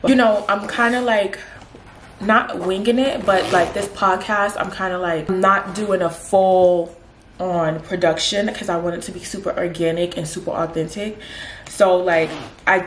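A woman in her twenties chatting casually in a vlog while she gets ready at home, with animated, slangy, dramatic storytelling. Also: medium pitch, measured pace, a little hiss or hum. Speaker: vlogger. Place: at home doing makeup. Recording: roomy echo.

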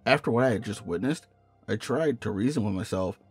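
A man narrating a first-person horror story in a measured, hushed storytelling manner. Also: on the low side, expressive, husky. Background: faint music.

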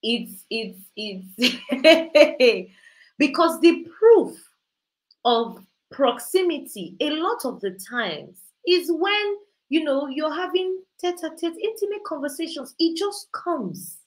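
A woman's voice: high-pitched, big pitch swings, slow pace, poor audio. A woman hosting a faith-based motivational talk over a video call, talking in an impassioned, preachy way that builds to emphatic peaks. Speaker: host.

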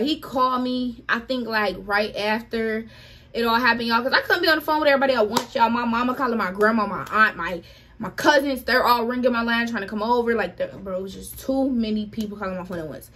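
A young woman with a slightly high voice tells a story to her viewers in a casual vlog. She is animated and dramatic in the retelling and keeps turning to the audience. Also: a little fast. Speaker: vlogger.

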